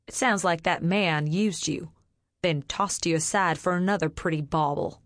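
A woman voicing a stern, sharp-tongued mother who scolds her grown daughter. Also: lowish voice, normal speed, no echo, clean studio sound, close to an everyday voice. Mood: scolding.

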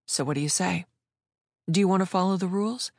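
A woman's voice: fairly low pitch, brisk, no echo. A woman voicing an impish, bold female pirate who taunts and coaxes with playful confidence. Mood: teasing. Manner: taunting, coaxing.

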